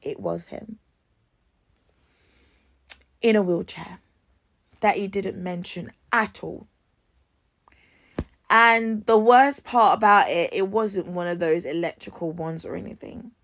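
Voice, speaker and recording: A woman spins a casual story at an unhurried pace and leans hard into acting out her own reactions. Her voice sits at a middle pitch, and she swears freely. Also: fairly bright tone. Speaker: vlogger telling dating stories.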